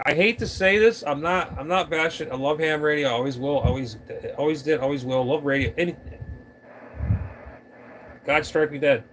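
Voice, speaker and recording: Guy ranting into his tripod camera, kinda high voice, rambles and trips over words, faint hiss behind. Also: fairly bright tone. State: allergies acting up. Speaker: ham radio vlogger. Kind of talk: casual rant to camera. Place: at home in front of a camera on a tripod.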